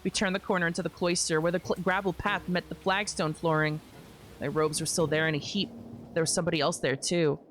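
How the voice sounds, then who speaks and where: A woman's voice: fairly low pitch, fairly even intonation, brisk, slight background noise. Young woman reading a story game aloud. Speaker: streamer. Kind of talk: reading a visual novel aloud with commentary.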